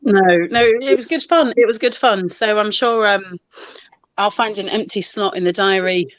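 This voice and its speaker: A woman's voice: mid-range voice, moderate pace, a bit bright, dry recording, muffled recording. A woman, casually telling a local story over a video call, rambling with restarts and fillers. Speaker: paranormal investigator and show co-host. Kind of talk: casual storytelling on a live online show.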